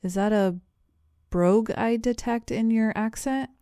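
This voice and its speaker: Cast: female narrator as a chatty middle-aged gent, polite and rambling, mellow smooth tone. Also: fairly high pitch, unhurried, no room sound, studio quality, voice pushed up. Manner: breezy, polite, rambling with ums. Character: affable, chatty middle-aged English gentleman.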